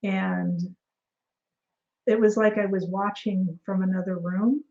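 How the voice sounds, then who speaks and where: A woman with a warm, mellow voice tells her story as a guest in a casual interview. She talks in an animated way, acts out what other people said, and fills her sentences with ums and restarts. The audio is a little dull and muffled. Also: mid-range voice, slow pace. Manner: animated, acts out quoted dialogue, frequent fillers and restarts.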